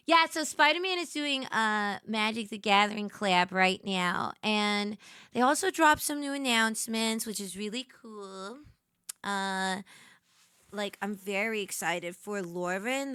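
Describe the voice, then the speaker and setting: A woman's voice: mid-range voice, bright, forceful tone, clear, resonant tone, no echo, studio quality. A woman hosting a casual late-night livestream, chatty and giggly, greeting viewers and playfully sassy. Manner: giggly, chatty, reads and answers chat. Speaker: livestream host.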